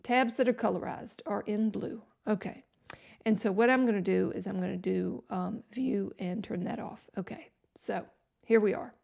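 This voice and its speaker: Gravelly, sarcastic woman live-streaming. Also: medium pitch, steady tone, normal speed, darkish tone. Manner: sarcastic, exasperated, talks to herself. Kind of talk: casual live stream chat.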